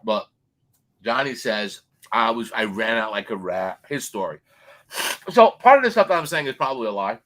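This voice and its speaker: A man's voice: on the low side, expressive, normal speed. A man on a sports betting show, telling a long, profane story and acting out the other people in it. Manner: loud, swearing, acts out quoted people.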